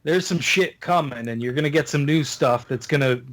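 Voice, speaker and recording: Eager man, a bit high-voiced, jumping in. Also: a little fast, fairly bright tone. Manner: eager, interjecting, swears casually. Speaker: podcast co-host. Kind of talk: casual chat about video games.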